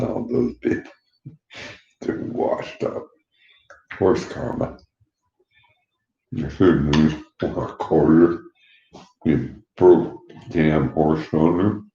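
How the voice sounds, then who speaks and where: A man in his sixties with a gravelly voice, rambling bluntly and profanely and laughing between remarks. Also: extremely low pitch, warm tone. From Canada. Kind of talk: rambling personal monologue. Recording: dull echoey room recording.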